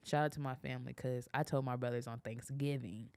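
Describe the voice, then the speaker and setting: A young woman with a low, smooth, clear voice, chatting on a podcast and telling stories with real animation. She laughs often and acts out what other people said. The sound is close and dry. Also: steady tone, fairly quick, darkish tone, no echo. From Kansas, US. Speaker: photographer and business owner, guest. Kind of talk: casual podcast conversation.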